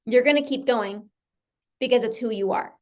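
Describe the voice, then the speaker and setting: A woman's voice: a little high, normal speed. A woman coach giving an emphatic motivational talk, often acting out her client's thoughts and repeating phrases for effect.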